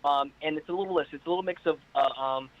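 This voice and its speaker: High-voiced, hyped-up man on a call. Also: fast talker, dull audio. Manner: energetic, hyped-up storyteller. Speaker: caller guest. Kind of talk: casual chat on a video call. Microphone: internet call.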